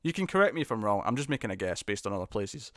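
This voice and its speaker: A man's voice: lowish voice, sing-song, racing, a bit bright, dry recording, studio quality. A British man hosting a live stream, chatting casually through viewer comments in a rambling, hesitant way, often restarting and chuckling.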